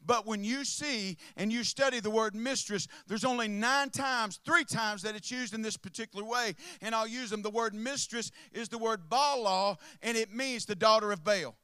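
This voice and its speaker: Guy preaching real high and bright, goes quiet then hollers, talks right to the church. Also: moderate pace, few pauses, clean tone, no echo. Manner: impassioned, swings from hushed to shouting; calls out to the congregation. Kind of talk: sermon.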